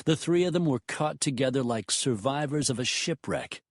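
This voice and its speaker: A man narrating a romance audiobook in a measured, expressive storytelling manner. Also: mid-range voice, dry recording, studio quality.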